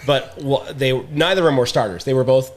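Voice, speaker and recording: A man's voice: medium pitch, brisk. A man co-hosting a casual podcast chat, telling sports stories and acting out the people in them. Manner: animated storyteller, acts out quotes. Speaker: podcast co-host.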